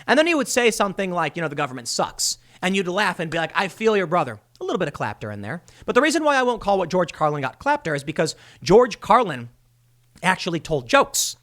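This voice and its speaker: A man's voice: high voice, wildly swooping pitch, quick pace, fairly bright tone. A man hosting a solo commentary show, ranting with exasperated sarcasm and mocking the people he quotes. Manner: mocking voices when quoting people. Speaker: political commentary host.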